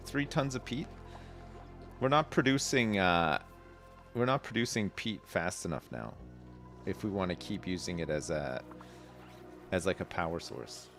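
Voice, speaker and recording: A man's voice: deep voice, expressive, measured pace, pauses often, a bit bright, faint music behind. A man hosting a livestream, casually commenting on his gameplay, rambling and self-deprecating, and reading game text aloud. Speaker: livestream host.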